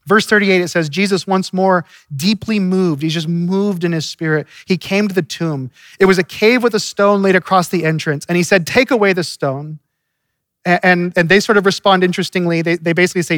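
A man's voice: high voice, brisk, fairly bright tone, no room sound, studio quality. A man preaching a sermon in an earnest, conversational way, often restarting his sentences. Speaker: pastor.

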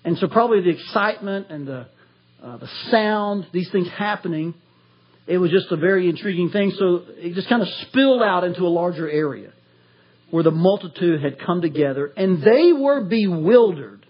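Husky guy preaching from tennessee, highish voice, kinda dull lo-fi sound. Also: normal speed. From Tennessee, USA. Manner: animated, acts out quotes in a raised voice. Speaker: pastor. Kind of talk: expository sermon.

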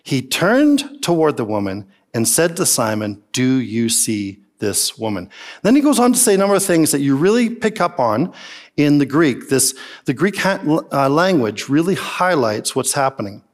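A man preaching a sermon with a lively, swooping delivery. His voice sits a touch high for a man. He drives his points home with emphatic rhetorical questions. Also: normal speed. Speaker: pastor.

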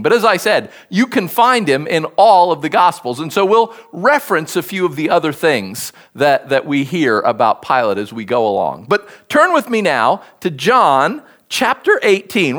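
A man preaching a sermon as pastor, guiding listeners through a scripture passage and explaining it in an engaged, conversational way. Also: a little high. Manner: animated, leads congregation through text.

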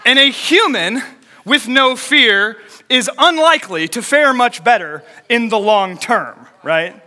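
A man in young adulthood preaching a sermon as a pastor, telling a story quickly and with animation. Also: extremely high pitch, lively intonation, bright, forceful tone, big-room sound.

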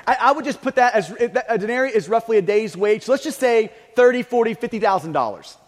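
A man's voice: very high voice, animated, a little fast, few pauses. A male pastor preaching a sermon earnestly, often stammering and repeating words. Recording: long reverb of a large hall.

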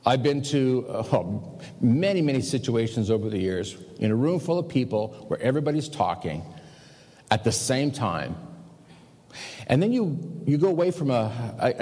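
A man's voice: medium pitch, warm tone, in a large hall. A male pastor preaching a practical sermon in a conversational way, asking the congregation rhetorical questions. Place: church sanctuary.

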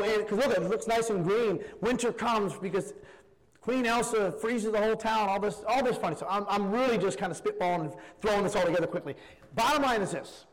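Male pastor, 30s, high-pitched, chatty storytelling sermon, church hall reverb. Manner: animated, rambling storyteller with many fillers. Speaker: youth pastor turned preacher.

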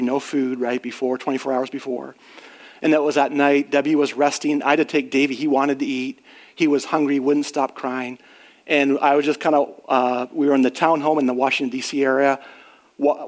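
A middle-aged man preaching a sermon in an earnest, conversational way, rising on emphatic questions and sharing personal stories. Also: mid-range voice. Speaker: pastor.

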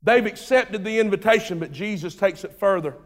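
A pastor preaching an animated sermon, swinging between loud and hushed. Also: male voice, sits high, brisk. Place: church sanctuary. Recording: long reverb of a large hall.

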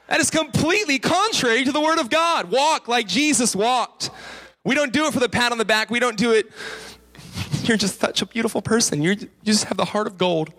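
A man preaching a sermon in church, lively and playful, often acting out the voices of the people he describes. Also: sits high. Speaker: pastor.

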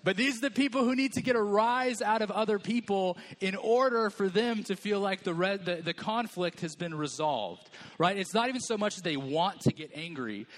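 A man's voice: sits high, moderate pace. A man preaching a sermon in a church, conversational and joking, acting out people's voices. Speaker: pastor.

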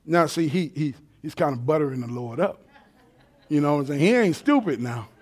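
Preacher guy with a high voice, gets loud and animated then drops low. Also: brisk. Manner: animated, colloquial, swings from quiet to shouting. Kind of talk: sermon.

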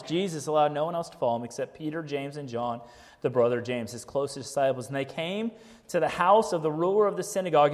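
A man's voice: fairly high pitch, long reverb tail. A man preaching a sermon as a pastor, speaking conversationally and often checking in with "right?", with a joke here and there. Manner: conversational, keeps asking "right?", jokes.

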